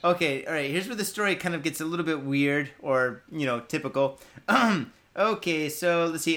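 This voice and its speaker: A man's voice: fairly high pitch, animated, moderate pace, fairly bright tone. A man co-hosting a podcast in crude, joking casual chat, swearing freely. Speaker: podcast co-host.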